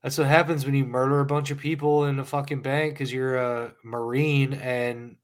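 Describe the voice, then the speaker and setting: A man of middle pitch who rants through a casual podcast chat. He swears constantly and grumbles at whatever annoys him. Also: level tone, normal speed. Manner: profane, ranting. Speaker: podcast co-host.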